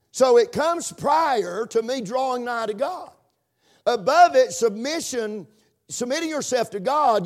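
A man preaching a sermon as pastor, repeating words, stumbling over fillers and swinging into shouts. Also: very high-pitched.

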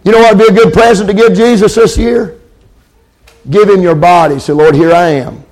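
A man's voice: high voice, fairly quick, a little mellow. A man preaching a sermon, calling for amens and repeating lines for emphasis.

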